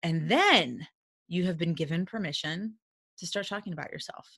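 A woman's voice: on the low side, normal speed, a bit bright, breathy edge. A woman business coach giving a casual motivational talk, candid and blunt, who acts out quoted dialogue and laughs often. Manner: candid and blunt, with mild swearing.

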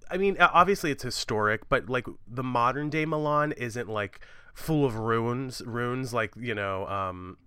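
Chatty man with a bright, crisp voice. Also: medium pitch, dry recording. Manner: chatty, rambling with fillers and laughs. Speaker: podcast co-host. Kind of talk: casual true-crime chat.

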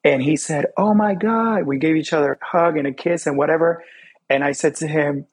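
A young adult man from Fort Lauderdale, telling personal stories as an interview guest in quick, animated bursts. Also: a little high, slightly rough. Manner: animated, quick bursts, acts out quoted voices. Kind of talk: candid personal storytelling.

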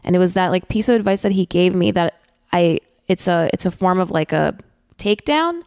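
A woman's voice: lowish voice, animated, brisk, darkish tone, clear, resonant tone, no echo, clean studio sound. A woman in her late thirties, telling a personal story in an earnest, reflective way. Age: late 30s. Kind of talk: casual chat.

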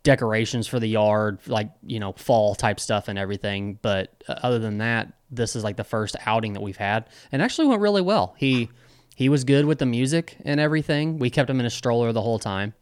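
Young guy rambling on a podcast, smooth clear voice, dry close mic. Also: medium pitch, fairly quick, dry recording. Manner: rambling, many fillers and restarts. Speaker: podcast co-host. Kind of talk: casual chat.

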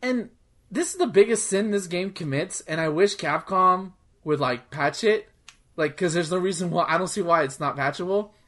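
A man's voice: high-pitched, moderate pace, fairly bright tone. A man co-hosting a podcast, chatting casually about video games, rambling with lots of "like" and swearing freely. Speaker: podcast co-host. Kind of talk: casual gaming chat.

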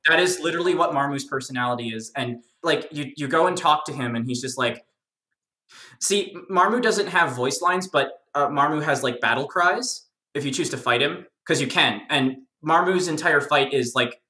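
Rambling enthusiastic podcast guest, bright tone. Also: mid-range voice, moderate pace, reverberant. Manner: rambling, enthusiastic, many fillers. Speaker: podcast guest explaining game lore. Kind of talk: casual podcast chat.

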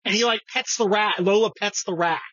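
A man's voice: sits high, brisk, a bit bright, no echo, highs cut off. A man hosting a podcast in a casual, profane, mocking rant that jumps from topic to topic. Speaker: podcast host. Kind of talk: casual ranting chat.

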